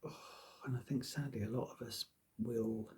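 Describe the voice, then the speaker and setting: A man's voice: mid-range voice, fairly even intonation, normal speed, darkish tone, a little hiss or hum. A man rambling casually to his viewers, self-deprecating and swearing freely. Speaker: vlogger. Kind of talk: casual rambling monologue to camera.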